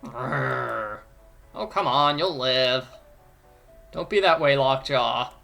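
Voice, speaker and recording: A man's voice: medium pitch, slow, creaky, pushed and bright, soft background music. A man giving a playful walkthrough of an adventure game, explaining each step and joking along. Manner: playful, explains steps, jokes and does voices. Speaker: let's play commentator.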